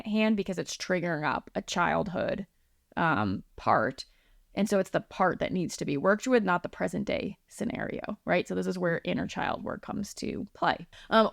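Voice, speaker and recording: A woman's voice: mid-range voice, vocal fry, no echo, studio quality. A woman hosting her own podcast, talking casually with lots of fillers and acted-out quotes. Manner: chatty and casual, many likes and ums, acts out quoted voices. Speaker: podcast host, healing practitioner. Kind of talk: solo podcast monologue.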